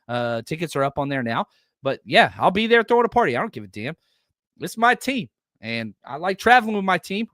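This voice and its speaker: A man hosts a live postgame fan show, his voice swinging widely up and down as he talks bluntly about the game. His pitch sits a little high for a man. The sound is dry and close, with no room echo. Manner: animated, blunt, reads out viewer chats. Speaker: podcast host.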